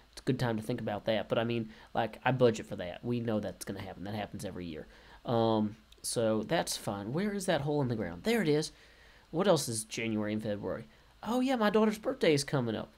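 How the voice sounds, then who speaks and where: Male gaming host, casual, jokey, wanders off topic, middle pitch. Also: darkish tone. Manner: rambling, goofy, punning, self-correcting. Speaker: game video host. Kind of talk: casual gameplay commentary. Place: relatives' home while traveling.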